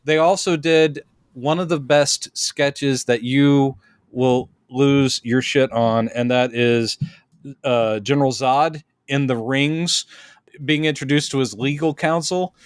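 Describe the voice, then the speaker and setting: A man hosting a casual podcast chat, opinionated and animated as he tells stories, on a close podcast mic. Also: medium pitch, slow pace, smooth, dry recording. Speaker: podcast host.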